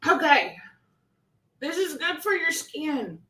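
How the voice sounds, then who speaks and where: A high, lively woman with a drawl, chatting casually and laughing at herself. Her voice is bright and unhurried. She sits a little back from the mic in an echoey room. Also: far from the mic. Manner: giggly, self-mocking, breaks into laughter. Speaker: host of a live chat show. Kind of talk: casual live-stream chat.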